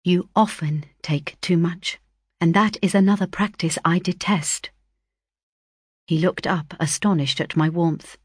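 A woman narrating a period novel in the first person, reading in a measured, earnest way. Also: lowish voice, fairly even intonation, husky, no room sound, studio quality. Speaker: audiobook narrator.

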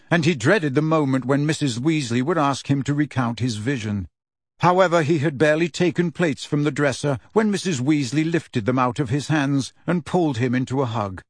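In a clean, echo-free studio recording, a man with a mid-range voice narrates an audiobook. His scripted delivery is measured and evenly paced.

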